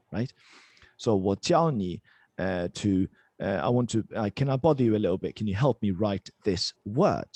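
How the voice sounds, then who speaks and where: A man's voice: lowish voice, darkish tone, breathy edge, no echo. A man teaching a Mandarin lesson over a video call, encouraging and switching between English and Chinese. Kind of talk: online language lesson.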